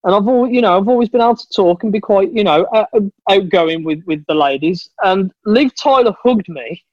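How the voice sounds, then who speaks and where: A man talking as a guest on a casual chat podcast, fairly high in pitch for a man. He tells his stories with eager enthusiasm and keeps calling the host "mate". The audio is dull and lo-fi, and the sound is dry and close. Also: brisk, dry recording. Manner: chatty, enthusiastic storyteller, says "mate".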